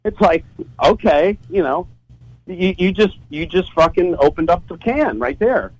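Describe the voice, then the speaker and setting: A man's voice: sits high, expressive, unhurried, a little mellow, dry recording, low-quality recording. A man telling a story as a guest on a podcast, casual and profane, often stumbling and repeating words as he starts a sentence.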